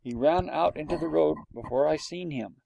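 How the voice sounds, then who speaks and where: An easygoing working-class chauffeur, plain and matter-of-fact, only lightly raised from the reader's own gravelly voice. The storybook read is dry and close. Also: male voice, fairly high pitch, normal speed, warm tone, no echo, poor audio. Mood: casual.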